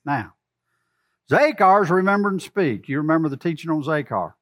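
A man with a high voice, preaching a sermon. He drives his points home with loud emphasis, then drops to soft, low asides, and keeps asking the congregation questions. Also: lively intonation, moderate pace. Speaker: pastor.

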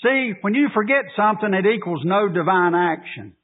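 A man preaching a sermon as pastor, reading scripture aloud and pressing his congregation with emphatic, drawn-out questions. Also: expressive. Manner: preaching, rising to emphatic high pleas, drawn-out delivery. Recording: tinny phone-like radio broadcast.

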